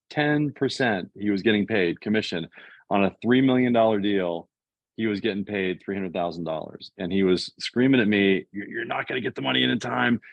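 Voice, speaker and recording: A man in his fifties from the US East Coast, telling a business story in casual, animated chat and acting out what other people said. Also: lowish voice, dry recording. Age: 50s. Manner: animated, fast, acts out other people's quotes. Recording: dull, dry, lo-fi sound.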